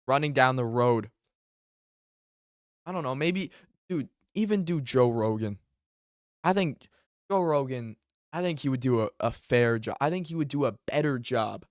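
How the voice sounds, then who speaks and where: A man giving casual reaction commentary on fights, excitable and profane, often bursting into exclamations. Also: medium pitch, smooth, no room sound, clean studio sound. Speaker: MMA commentary YouTuber.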